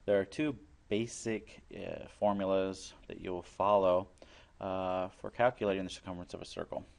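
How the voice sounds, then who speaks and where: A man's voice: sits low, level tone, moderate pace, creaky. A man teaching a recorded math lesson, explaining each step plainly and working problems aloud.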